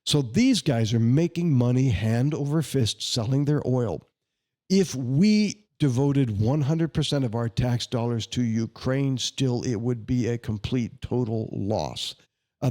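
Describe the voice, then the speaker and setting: Emphatic man with a mellow voice. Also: mid-range voice, a little slow. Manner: emphatic, indignant and sarcastic; tells anecdotes in a chatty way. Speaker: congressional candidate. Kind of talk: podcast interview answers.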